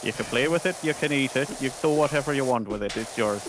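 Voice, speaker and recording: A man voicing a gruff, blunt, folksy fellow handing out rocks. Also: mid-range voice, fast, natural voice. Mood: generous. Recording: hissy stream audio, spray noise.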